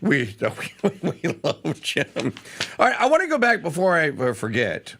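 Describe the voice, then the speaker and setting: A man's voice: on the high side, wildly swooping pitch, moderate pace, gravelly, crowd noise. A man hosting a live talk radio show, chatting in a rambling, self-correcting way.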